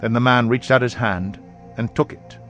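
A man reading scripture aloud in a measured, even voice. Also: medium pitch, muffled recording. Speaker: Bible reader. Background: faint background music.

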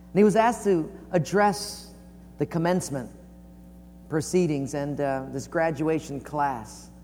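A man preaching a sermon in a folksy storytelling way, acting out the quotes with big swings in pitch and loudness. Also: in a large hall, a little hiss or hum. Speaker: pastor.

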